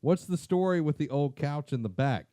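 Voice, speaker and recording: A man's voice: on the high side, expressive, moderate pace, mellow, no echo, studio quality. A young man co-hosting a podcast in casual chat, joking and laughing often. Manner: jokey, laughs often, puts on silly voices. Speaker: podcast co-host.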